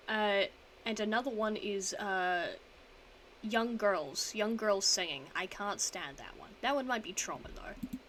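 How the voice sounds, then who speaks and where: Woman, young adult, bright voice, casual rambling chat, faint background ambience. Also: mid-range voice, unhurried, slight background noise, poor audio. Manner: rambling, self-mocking, trails off and restarts. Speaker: streamer. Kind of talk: casual chat, reading quiz statements aloud.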